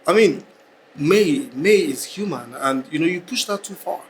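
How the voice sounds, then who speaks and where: A level-headed Nigerian man firmly lectures his friend. His voice sits fairly high, and a faint hiss hangs under the dialogue. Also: expressive, a little slow, poor audio. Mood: reasoning. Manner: reasoning, firm, lecturing. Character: level-headed male friend scolding a hot-tempered man. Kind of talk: film drama acting.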